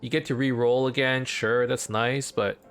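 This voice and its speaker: A man hosting a let's play, casually commenting on his game in an excitable, rambling way. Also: medium pitch, normal speed, soft background music.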